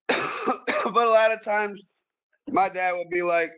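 A man telling a story in casual chat, animated and profane, with frequent repeated words and restarts. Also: high-pitched, takes it slowly, clear, resonant tone, dull audio. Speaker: guest pool player.

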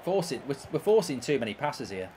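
A man's voice: medium pitch, sing-song, a little fast, a little mellow, a little hiss or hum. A man streaming gameplay, ranting and swearing in exasperation as he commentates. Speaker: streamer and host.

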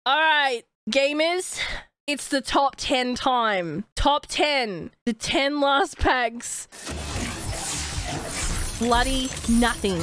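Young woman, streamer, excitable commentary, unhurried between shrieks, music playing underneath. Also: sits high. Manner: excitable, shrieks and swears at loot. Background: background music.

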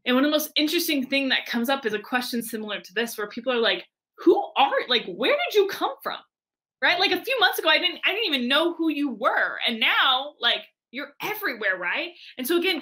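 A woman's voice: high voice, animated, quick pace, hardly any pauses, bright, forceful tone. A young adult woman, a guest on an interview show, telling a story animatedly with many fillers and acted-out voices.

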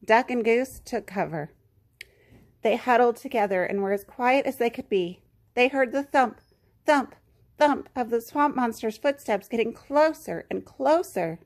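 Slow, gentle woman reading a storybook. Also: on the high side. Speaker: children's story reader. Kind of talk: reading a picture book aloud.

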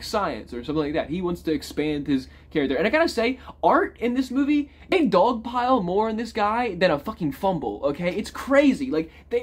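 Man, casual movie rant, swearing, fairly high voice, lively ups and downs. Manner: animated, swearing, big swings in pitch and loudness. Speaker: movie reviewer.

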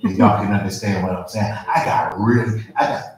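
A middle-aged male pastor preaching in a lively, conversational way with humor. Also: on the low side, a little fast, slight background noise. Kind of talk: sermon. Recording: echoey church hall.

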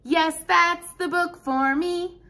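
A young woman teaching a Bible lesson to preschool children, animated and full of exclamations. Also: very high-pitched, slow.

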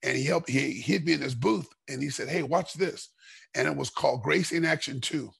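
Middle-aged man, casual podcast guest and storyteller. Heavy gravel, husky rasp, dry close sound. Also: medium pitch, fast talker, no echo. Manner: animated storyteller, acts out dialogue. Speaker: podcast guest, former fighter.

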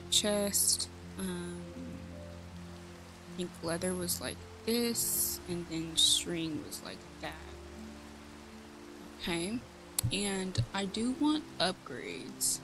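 A woman giving casual gameplay commentary, chatty and thinking aloud, joking at herself. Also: on the low side. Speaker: let's play host.

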